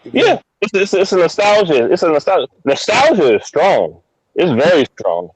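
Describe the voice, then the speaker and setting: A man co-hosting a podcast in casual chat, relaxed and talking in repeated short phrases. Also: on the high side, moderate pace, husky, poor audio. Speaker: podcast co-host.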